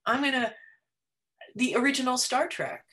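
A woman's voice: high voice, moderate pace, pushed and bright. A woman, an author and editor, chatting as a podcast guest, trailing off with fillers. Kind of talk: casual podcast chat.

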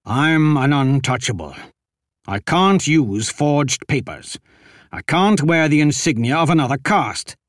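An audiobook narrator voicing Ashok, a stern young warrior who speaks in clipped, restrained tones. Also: male voice, fairly high pitch, lively intonation, a little slow, no echo, clean studio sound. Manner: clipped, restrained, through gritted teeth.

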